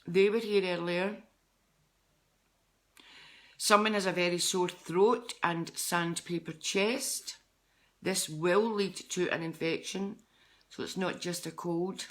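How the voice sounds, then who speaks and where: A woman's voice: fairly low pitch, fairly even intonation, unhurried, long pauses. A middle-aged Scottish woman, a psychic medium, chatting with viewers on a live stream in a rambling, chatty way. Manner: chatty, rambling, jumps between topics.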